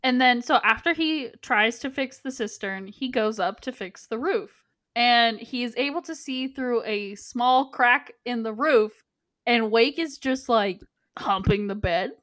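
Woman, podcast plot recap, matter-of-fact, dry remarks, somewhat high voice. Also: unhurried, a bit bright. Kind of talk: casual podcast chat, summarizing plot.

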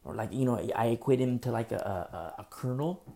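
A man preaching a sermon as pastor, emphatic and repetitive, swinging between loud bursts and hushed asides. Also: mid-range voice, quick pace. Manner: repetitive, with frequent fillers.

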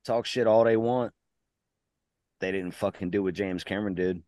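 A man's voice: on the low side, steady tone, normal speed, a little mellow, no echo, clean studio sound. Joking man rambling on tangents. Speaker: podcast co-host. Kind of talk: casual podcast chat.

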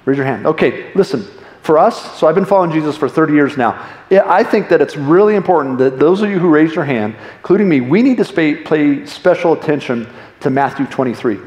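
A man's voice: a little high, lively intonation, fairly quick, darkish tone. A middle-aged male pastor giving a conversational, jokey sermon to his congregation. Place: church hall. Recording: echoey church room.

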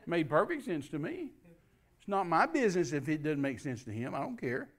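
A man's voice: on the high side, big pitch swings, fairly quick. A man preaching a sermon, emphatic and repetitive, spelling out key words letter by letter.

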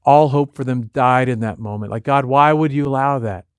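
A man's voice: mid-range voice, normal speed, clean tone, dry recording. A man preaching a sermon in a conversational way, retelling scripture and voicing the lines of the people in it. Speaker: pastor.

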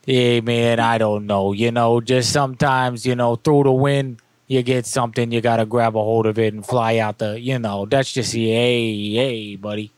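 A man's voice: medium pitch, steady tone, normal speed, few pauses, no echo, close to an everyday voice. A man voicing an evasive tough-talking guy with a Boston accent that slips in and out, rambling through fillers. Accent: put-on Boston, slipping.

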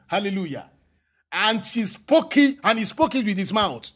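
A man preaching a sermon, repeating his phrases and stressing them slowly. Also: sits high, lively intonation.

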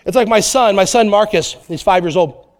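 A man with a high voice preaches a Sunday sermon. He talks with energy and acts out little voices and asides as he goes. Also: normal speed. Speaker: pastor.

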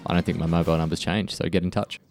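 A man's voice: low voice, steady tone, very fast, over loud music. A man co-hosting a podcast in casual chat, self-deprecating and often laughing at himself. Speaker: podcast co-host.

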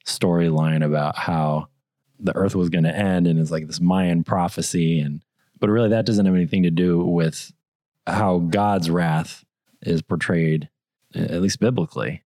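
A man co-hosting a casual faith podcast, his voice scratchy and hoarse from a cold, talking unhurriedly with many fillers. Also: low voice, fairly even intonation, mellow, no room sound, clean studio sound. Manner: unhurried, thinking aloud with fillers. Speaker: podcast co-host.

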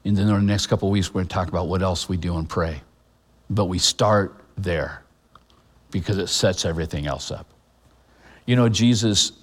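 Earnest middle-aged pastor, low voice. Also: male voice, long reverb tail. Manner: earnest, halting with restarts and fillers; emotional, choked up at moments. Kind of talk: sermon.

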